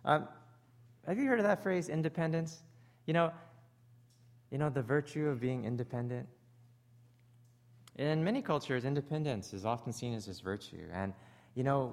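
A man with a Canadian accent preaching a sermon, animated, acting out the voices he quotes. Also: mid-range voice, moderate pace, pauses often. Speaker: pastor.

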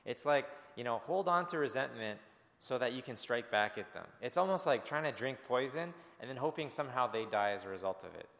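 A man's voice: mid-range voice, lively intonation, brisk, creaky, a bit bright, long reverb tail. A male pastor preaching a sermon in an earnest, conversational way, speaking directly to his congregation.

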